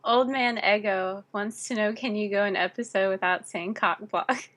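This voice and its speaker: A woman's voice: medium pitch, normal speed, a bit bright. Agreeable woman co-streamer. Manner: supportive, brief agreeing interjections. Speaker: streamer co-host. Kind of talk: casual stream chat.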